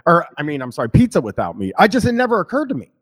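A man's voice: on the high side, wildly swooping pitch, rapid-fire, husky. A man in casual conversation who rambles, restarts his sentences, swears freely and laughs easily. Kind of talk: casual chat.

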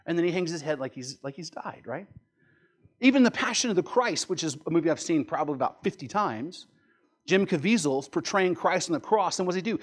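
A man delivers a sermon in a fairly high voice. He explains the text earnestly, keeps asking "right?" and presses hard on his key points. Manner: earnest, repeats "right?" often, builds to forceful emphasis. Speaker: pastor.

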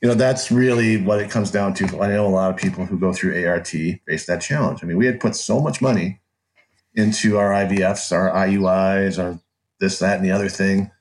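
A man's voice: deep voice, a little fast. A middle-aged man telling his story as a podcast guest, rambling and restarting his sentences with short laughs. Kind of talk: casual conversational storytelling.

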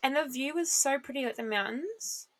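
A woman's voice: sits high, moderate pace, fairly bright tone, no room sound. A woman, co-hosting a podcast in casual chat and telling stories animatedly with a lot of fillers and casual swearing. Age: 20s. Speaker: podcast co-host.

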